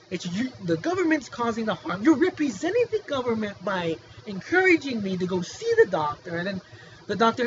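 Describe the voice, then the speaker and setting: A man's voice: very high-pitched, fairly bright tone. A man talking in a casual vlog monologue, agitated and firing off pointed questions. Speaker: whistleblower telling his story. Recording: muffled lo-fi with faint hiss.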